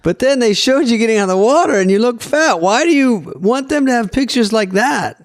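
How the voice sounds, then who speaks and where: A man voicing a nosy, pushy male waiter with a put-on German accent, asking high, drawn-out, needling questions. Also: animated, no echo.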